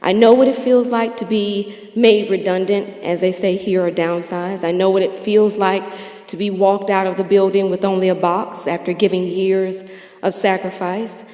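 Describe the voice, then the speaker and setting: A woman's voice: medium pitch, steady tone, moderate pace, mellow. An American woman, founder of a charity, giving a heartfelt awards speech and laughing between phrases. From United States. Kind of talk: emotional ceremony speech. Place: large hall. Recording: echoey hall with long reverb.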